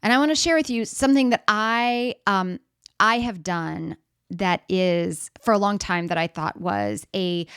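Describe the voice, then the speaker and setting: Smooth-voiced middle-aged woman giving a talk. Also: fairly low pitch, a bit bright, no echo, clean studio sound. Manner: conversational, plays out scenes, asks the audience questions. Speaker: speaker. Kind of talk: motivational stage talk.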